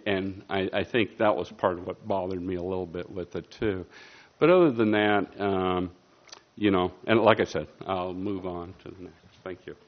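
Deep-voiced man at a meeting. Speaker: board member at a city meeting. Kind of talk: discussion at a public meeting. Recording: dull lo-fi meeting recording.

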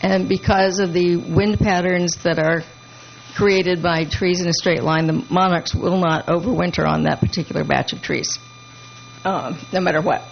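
A woman council member giving a halting report at a public meeting, with many fillers and restarts. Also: lowish voice, fairly even intonation, vocal fry. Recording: muffled meeting room audio with hum.

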